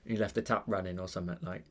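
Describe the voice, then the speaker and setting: A British man with a low-sitting voice hosts an art channel, chatting casually on a live stream while he draws. He rambles with lots of fillers and restarts.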